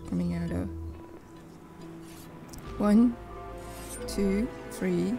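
A young woman hosting a let's play, reacting excitably, exclaiming and talking back to the game as she plays. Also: medium pitch, extremely slow, music in the background, rough recording. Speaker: gaming channel host.

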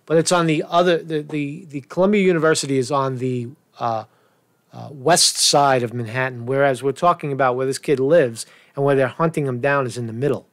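A man's voice: medium pitch, fairly even intonation, brisk, no echo. A man hosting a news commentary show, reading reports and arguing with rhetorical questions in a rambling manner.

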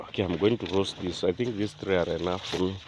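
A man vlogging outdoors on his rural land, talking to viewers in an animated, indignant way and often repeating himself. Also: low-pitched, quick pace, background noise. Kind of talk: casual vlog talk to viewers.

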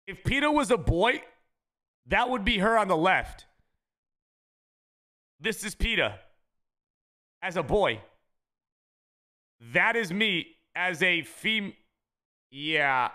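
A man streaming a video game, chatting casually with his chat and shouting when he gets a good pull. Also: sits high, slow pace, long pauses. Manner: excitable, shouts at big pack pulls; talks to chat, says bro a lot. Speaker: gaming streamer. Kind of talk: casual live-stream commentary.

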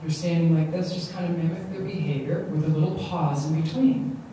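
A woman gives an animated motivational talk, often repeating herself. Her voice is mellow and sits at a middle pitch. It comes from a distance in a very echoey hall, with faint noise behind. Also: fairly quick. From Long Island, New York. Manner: animated, repeats words, acts out quotes. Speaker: stress management speaker.

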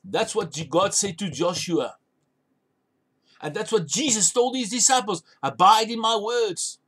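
A man's voice: high voice, unhurried, fairly bright tone, husky. A man preaching a sermon as a pastor, urging listeners with emphatic, repeated commands. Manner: emphatic, repetitive exhortation.

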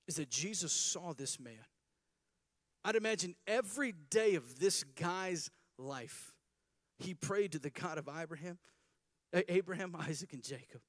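A young man preaching a sermon, telling a Bible story with lively acted-out voices. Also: on the high side, no echo, studio quality. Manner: animated storytelling, acting out voices of biblical characters. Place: chapel service.

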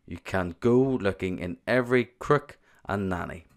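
Man doing the friendly big giant, polite and calm, jumbled words, deep. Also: measured pace.

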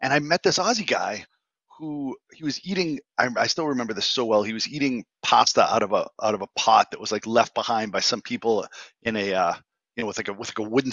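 A man's voice: mid-range voice, a bit bright, dry recording, lo-fi sound. A man in his fifties with a Boston accent, a guest telling stories with jokes and punchlines. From greater Boston, USA. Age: 50s. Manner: jokey storyteller with punchlines. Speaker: guest entrepreneur. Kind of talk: casual interview chat.

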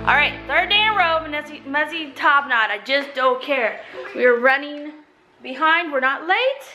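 A woman's voice: high-pitched, expressive, normal speed, sharp tone, faint music behind. A woman, a mother and vlog host, chatting casually to the camera outdoors and slipping into a sing-song baby voice with her kids and puppies. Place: outdoors in a neighborhood street.

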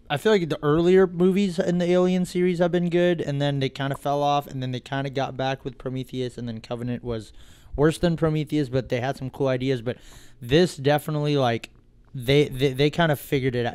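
A man's voice: mid-range voice, a little mellow, clear, resonant tone. A young man co-hosting a casual podcast, rambling and slangy with lots of fillers and restarts. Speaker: podcast co-host. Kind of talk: casual chat.

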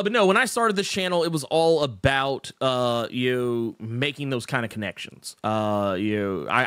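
A man's voice: mid-range voice, fairly bright tone, clear, resonant tone, no echo, clean studio sound. A man hosting a casual livestream, reading chat messages in a rambling, self-interrupting and emotional way. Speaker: podcast host reading live chat.

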